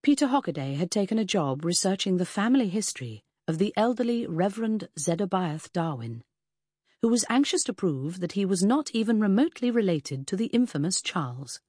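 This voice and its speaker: Husky lady reading a novel out loud, calm and even, dry close mic. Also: medium pitch, brisk, dry recording. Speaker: audiobook narrator. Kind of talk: first-person audiobook narration.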